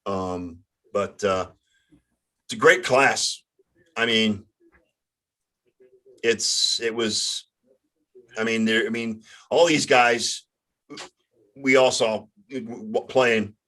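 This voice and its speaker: A man hosting a casual sports talk show, halting and often stumbling over his words. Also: lowish voice, pushed and bright. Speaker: sports podcast host.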